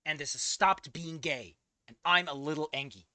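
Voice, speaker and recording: A man's voice: a little high, moderate pace, pushed and bright, no echo. A man giving casual commentary on a fan fiction he reads aloud, ranting in a profane, exasperated way.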